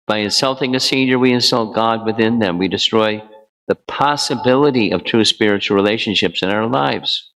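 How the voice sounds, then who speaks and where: A man giving a devotional lecture as a spiritual teacher, relaxed and bantering with his audience. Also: on the low side, moderate pace, rough recording.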